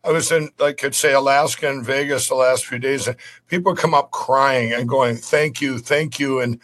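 A man's voice: medium pitch, steady tone, normal speed, fairly bright tone. A man talking as an interview guest, rambling and earnest, often repeating and restarting his words. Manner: earnest and pleading. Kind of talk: casual interview talk.

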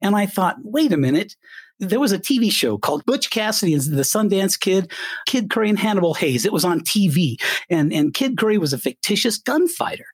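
This high, fairly quick male voice has a breathy edge, captured dry with clean studio sound. He's an older retired radio DJ from Colorado, guesting in an interview and bringing his anecdotes to life by performing the characters' voices.

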